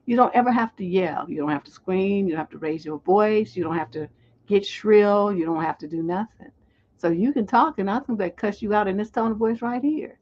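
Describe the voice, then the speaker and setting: A woman's voice: mid-range voice, animated, fairly quick, husky, muffled recording. A woman relationship coach, talking bluntly and with profanity on a livestream. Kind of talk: livestream advice talk.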